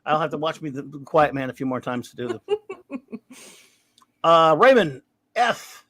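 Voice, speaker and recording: A man's voice: a little high, animated, moderate pace, a bit bright, dry recording. A man hosting a casual podcast, reading out listener grades with a wry, rambling manner. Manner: rambling, wry, trails off into mumbles. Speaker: podcast host.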